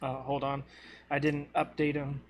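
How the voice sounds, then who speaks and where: A man with a mid-range voice running a live tabletop game as game master. He reacts casually and quickly, and he laughs easily at the players' jokes. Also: mid-range voice, completely flat delivery.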